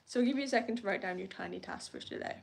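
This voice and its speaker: A woman's voice: mid-range voice, racing, gravelly. A young woman hosting a morning journaling live stream, chatty and upbeat, rambling a little with frequent laughs. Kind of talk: casual live-stream chat.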